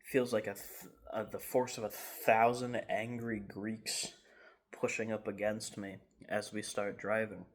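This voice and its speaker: A man in his garage telling a rambling, animated story time with laughs and restarts. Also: lowish voice, unhurried. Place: home garage.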